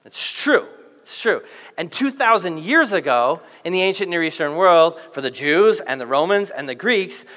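Male pastor, playful and animated, bright forceful tone, long hall reverb. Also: sits high. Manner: animated, playful, acts out quick voices for biblical characters. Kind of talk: sermon.

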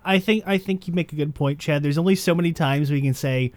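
A man's voice: on the high side, brisk, a crowd in the background. A man co-hosting a casual podcast chat, easygoing and agreeable. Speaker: podcast co-host.

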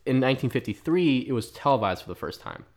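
A man's voice: mid-range voice, expressive, fast. A young man in casual podcast chat, loose and goofy, tripping over his own words and breaking into laughs. His voice sits in an ordinary middle register. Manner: goofy, laughs often, stumbles and repeats words. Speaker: podcast co-host.

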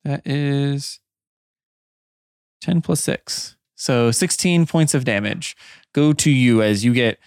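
A man's voice: medium pitch, slow, pauses often, darkish tone, clear, resonant tone, no echo, clean studio sound. A man narrating as game master of a tabletop game, loose and playful, laughing often.

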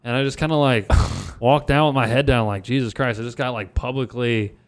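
A man's voice: mid-range voice, brisk. Young man, from Louisiana, loose rambling storyteller, heavy swearing, lots of fillers, everyday mid-range voice. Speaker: podcast guest comedian. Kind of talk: casual storytelling chat.

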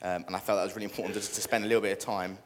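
A man's voice: sits low, little pitch movement, very fast, a little hiss or hum. A young British man preaching a casual sermon and joking with the congregation. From Britain. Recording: echoey church hall.

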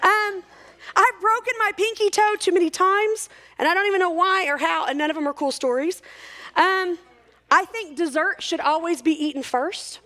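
A very high, pushed and bright voice belongs to a woman in her forties addressing a church crowd at normal speed. Her talk at the service is humorous and chatty, packed with jokes and self-mockery.

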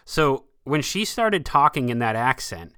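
Bright-voiced, enthusiastic male podcast host. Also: mid-range voice, measured pace, clean tone. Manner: animated and enthusiastic. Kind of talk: casual film review chat.

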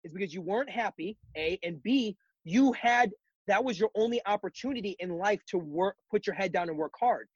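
A man's voice: high-pitched, lively intonation, a little fast, husky, no room sound, dull audio. A man as a podcast guest in casual chat, talking reflectively and encouragingly with many ums.

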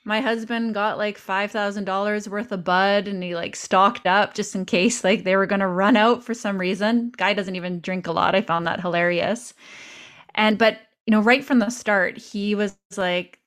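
A chatty woman hosting a podcast, telling her story at an everyday middle pitch. She is from Canada and acts out her own past remarks as she goes. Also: normal speed, a bit bright. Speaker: podcast host. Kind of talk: casual conversational interview.

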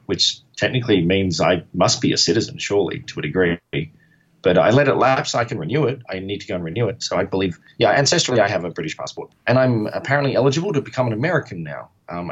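A man's voice: low voice, a bit bright, slightly rough, muffled recording. An Australian man from Perth, chatting as an interview guest in a rambling, self-deprecating way. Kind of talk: casual interview chat.

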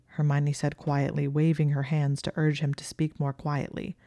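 Low calm woman reading fanfic aloud, mellow and dry sounding. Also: normal speed, creaky, hardly any pauses, no echo. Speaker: narrator. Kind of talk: fan fiction reading.

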